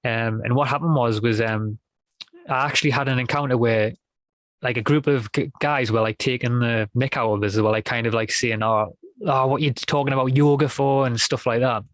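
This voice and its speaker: A man's voice: mid-range voice, steady tone, moderate pace, fairly bright tone, no echo. Rambling man, dry sound. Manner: rambling, many restarts and fillers. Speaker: podcast guest. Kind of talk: casual conversation.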